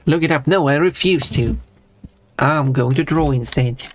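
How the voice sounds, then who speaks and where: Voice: mid-range voice, normal speed, a little hiss or hum. A streamer chatting casually while drawing, rambling, breaking off mid-thought and humming along playfully. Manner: rambling and self-interrupting; playful, hums to themself.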